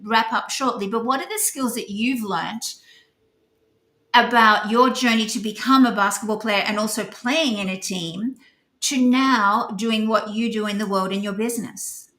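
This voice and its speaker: An Australian woman hosts a podcast interview, asking her guest long questions and adding short replies while he talks. Her voice sits a bit high for a woman, and it is heard with a roomy, echoey sound. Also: normal speed, a bit bright. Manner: asks long questions, adds brief backchannels. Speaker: podcast host.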